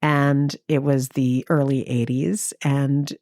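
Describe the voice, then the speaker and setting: Low-voiced woman telling lively stories. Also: slow, no room sound, studio quality. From New York. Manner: lively anecdotal, acts out quotes with big pitch jumps. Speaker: podcast co-host. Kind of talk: casual storytelling chat.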